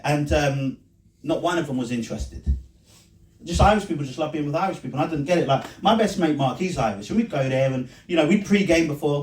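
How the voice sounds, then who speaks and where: A man doing a rambling, self-mocking stand-up set at a small comedy night, breaking into laughing asides. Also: medium pitch. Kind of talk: stand-up set and vlog commentary. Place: small pub comedy room. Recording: echoey room recorded from a distance.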